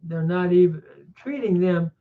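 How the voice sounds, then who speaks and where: A man teaching a Bible chapter verse by verse, reflective and unhurried, pausing often with small fillers. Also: high-pitched. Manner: reflective, with frequent pauses and fillers. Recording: tinny phone-like sound.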